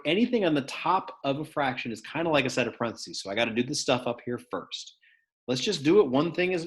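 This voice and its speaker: A male math teacher teaching an online class, dropping his voice low and then bursting out loud to wake students up, on a computer mic. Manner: shifts from hushed to sudden loud bursts. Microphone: computer mic on a video call.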